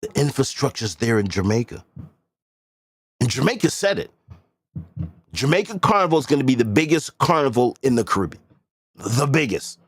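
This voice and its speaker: A man holds forth on his own livestream in a loose, blunt and profane manner, hammering his points home by repeating them. His voice sits at an ordinary pitch but rises and falls a great deal. The sound is close and dry, with no room around it. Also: big pitch swings, normal speed, pauses often, breathy edge, no echo. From Boston area. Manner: blunt, profane, emphatic repetition. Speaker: livestream host. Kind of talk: casual livestream rant.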